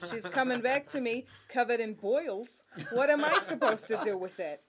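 A woman's voice: a little high, moderate pace, crowd noise, close to an everyday voice. A woman putting on an older New Jersey lady who complains about her family. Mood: complaining. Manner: gossipy complaining. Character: nagging older Jersey grandma.

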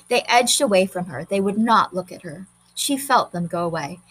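A woman reading a short story aloud in a measured, expressive way. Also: medium pitch, breathy edge, low-quality recording. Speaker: narrator.

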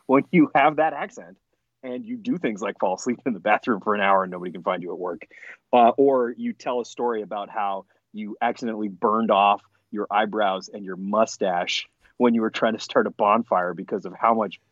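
A man's voice: lowish voice, a little fast, dry recording, highs cut off. A man telling funny stories in a casual podcast chat, laughing often. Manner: animated, laughing storyteller. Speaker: podcast guest.

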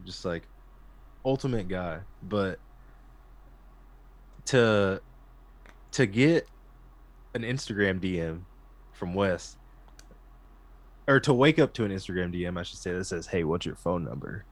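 A male musician guest chatting casually, excitable and slangy, with a heavy use of "like". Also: sits low, a little slow, long pauses, dry recording. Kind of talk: casual chat.

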